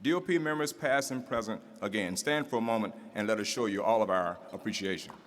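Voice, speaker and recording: A man with a lowish voice speaks fairly quickly as master of ceremonies at a civic event, moving from formal introductions to a rhythmic, rousing climax. Background noise is present, and the big audience-filled hall sounds reverberant with faint ambience.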